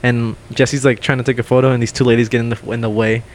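A young man co-hosting a podcast, telling a story in casual chat, swearing and loudly acting out what people said. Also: mid-range voice, quick pace. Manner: animated, swears a lot, acts out quotes loudly. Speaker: podcast co-host.

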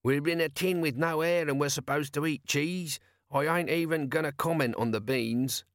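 A man's voice: fairly high pitch, normal speed, no echo, voice pushed up, close to an everyday voice. A whiny, grumbling corporal with a raised, slightly strained voice, as a male narrator puts him on. He complains about everything in a dry, close reading.

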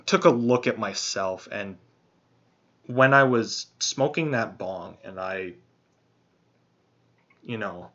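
A man's voice: on the low side, takes it slowly, long pauses, a bit bright. A man hosting a podcast, talking casually in a rambling, profane, soul-searching way. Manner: rambling, profane, introspective storytelling. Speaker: podcast host. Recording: dull lo-fi sound.

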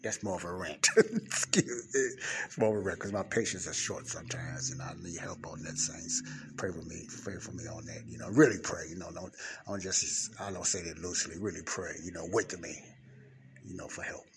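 A man giving a rambling, informal Bible teaching, talking low and close to the mic in a library study room. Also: steady tone, a little fast, vocal fry, fairly bright tone. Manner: rambling, repeats words, talks low. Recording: faint traffic and room noise.

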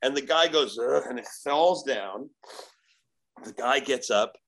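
A man telling a story as a podcast guest, animated and profane, acting out the voices in it. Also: medium pitch, a little slow, rough recording. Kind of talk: casual storytelling.

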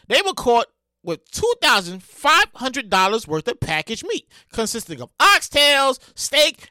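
Animated, exasperated podcast host woman. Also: sits high, no echo. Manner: loud, exasperated and animated, with profanity and repeated phrases. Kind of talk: comedic news commentary.

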